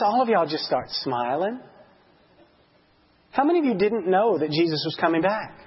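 A man teaching a church Bible lesson in an earnest way, often rising to excited emphasis, heard on a dull lo-fi sermon recording. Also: a little high, a little fast, slightly rough.

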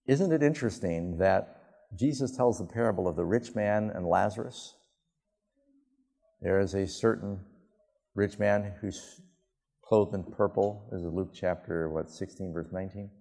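A male pastor preaching a sermon, telling the story emphatically and with sudden rises in pitch. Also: gravelly, mellow. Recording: long hall reverb.

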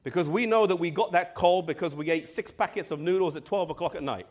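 A man preaching a sermon with emphasis, addressing the congregation directly, slowing down on key words and sometimes dropping to a hush. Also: on the high side.

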